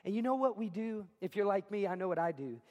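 Man preaching, higher voice, conversational, asks the congregation questions, long hall reverb. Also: animated, fast, darkish tone. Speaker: pastor. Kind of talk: sermon.

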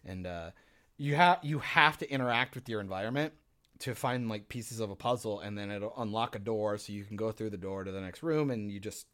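A young man co-hosting a casual podcast tells stories in an animated, profane way, acting out his own reactions. His voice is on the low side and fairly quick.

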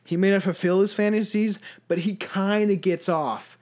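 A man's voice: high voice, steady tone, normal speed, darkish tone. A young man co-hosting a casual podcast, rambling and swearing a lot. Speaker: podcast co-host.

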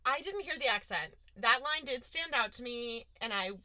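A woman's voice: on the high side, expressive, moderate pace, bright, forceful tone, no room sound. A woman co-hosting a podcast in casual, chatty conversation, giggling and full of fillers. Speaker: podcast co-host. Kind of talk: casual chat.

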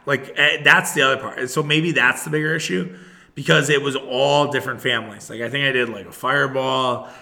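A man in his thirties hosting a podcast alone, ranting casually and profanely straight to his listeners. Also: mid-range voice. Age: 30s. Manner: profane, animated, talks to listeners directly. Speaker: podcast host. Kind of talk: casual solo podcast rant.

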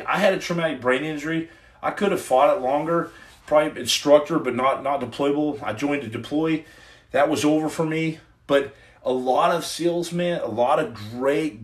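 A man hosting a casual livestream, reading viewer comments and giving a rambling, earnest pep talk full of restarts. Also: fairly high pitch. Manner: rambling and repetitive, with many restarts. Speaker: livestream host and former Navy SEAL. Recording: echoey room.

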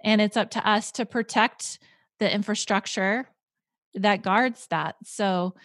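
A woman's voice: mid-range voice, fairly even intonation, unhurried, fairly bright tone, dry recording, clean studio sound. A woman hosting a podcast, enthusiastic and affirming toward her guests. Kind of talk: conversational podcast talk.

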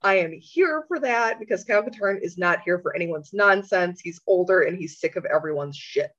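A woman's voice: on the low side, animated, normal speed, fairly bright tone. A woman co-hosting a podcast in casual chat, giggly and swearing freely. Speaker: podcast co-host. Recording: dull lo-fi audio.

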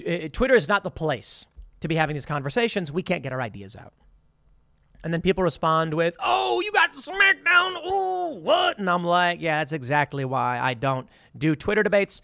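A man's voice: sits high, a bit bright, dry recording, clean studio sound. A man hosting his own political commentary show, reading quotes aloud and reacting with sarcasm.

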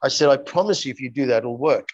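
A man's voice: mid-range voice, quick pace, a little mellow, no room sound, dull audio. A man speaking as an interview guest, earnestly telling stories and acting out the dialogue in them. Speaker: guest, coach. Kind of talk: interview storytelling.

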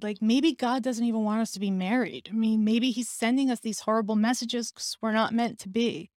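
A woman's voice: on the high side, darkish tone, no room sound, clean studio sound. A woman hosting a podcast, telling a personal story in an earnest, emotional and candid way. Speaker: podcast host.

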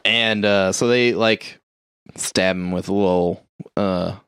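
Smooth-voiced man rambling through a casual recap. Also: deep voice, steady tone, slow pace, a bit bright, dry recording, clean studio sound. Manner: rambling, profane, lots of "like" and "uh", acts out characters' lines. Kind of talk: casual movie recap chat.

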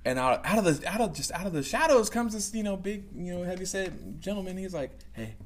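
A man's voice: sits high, lively intonation, fast talker, slight background noise. A young man who leads youth ministry, telling stories casually and animatedly, laughing and filling his talk with "like" and "you know.". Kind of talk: casual storytelling.

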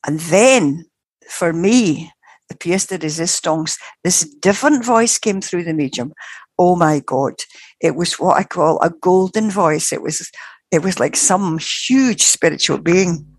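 Older woman, husky, dry close sound, earnest storytelling. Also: lowish voice, measured pace, no room sound. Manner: earnest, animated retelling with acted quotes. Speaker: storyteller of spirit experiences. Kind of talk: casual spoken storytelling.

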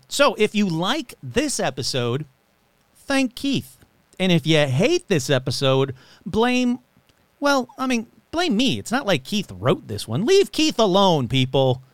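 A man with a fairly high voice hosts his podcast alone, his pitch leaping up and down as he talks. He rambles with a wry, self-mocking humor and rattles off names of supporters. The recording sounds close and dry, with no room around it. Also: fairly bright tone, clear, resonant tone, no echo. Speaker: podcast host. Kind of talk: casual podcast monologue.

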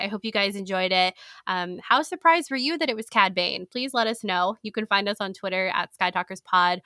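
A woman's voice: mid-range voice, bright, forceful tone, no room sound, studio quality. A woman co-hosting a podcast, talking in an upbeat, chatty way and often laughing. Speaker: podcast co-host. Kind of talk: casual chat.

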